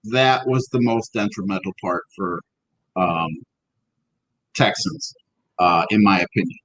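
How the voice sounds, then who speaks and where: A man co-hosting a casual history podcast, speaking bluntly with swearing and halting restarts. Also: low voice, a bit bright, no room sound, rough recording. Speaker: podcast co-host.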